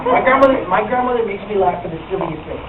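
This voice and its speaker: A man's voice: high-pitched, animated, fast talker, phone-quality sound. A man in his twenties doing a profane stand-up set in a comedy club and bantering with the crowd, recorded from the audience. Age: 20s. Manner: brash, profane, chatty with the crowd. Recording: distant echoey club, loud ambience.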